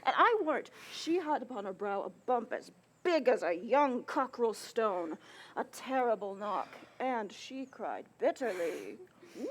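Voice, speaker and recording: A woman's voice: fairly high pitch, sing-song, measured pace, slight background noise. A woman playing a garrulous, bawdy old nurse who rambles and laughs, acting Shakespeare on an outdoor stage. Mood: chattering. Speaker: stage actor.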